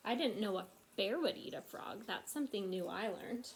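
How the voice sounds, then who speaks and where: A woman teacher reading a picture book aloud to young children, expressive and full of questions to them. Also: mid-range voice, moderate pace, gravelly, few pauses.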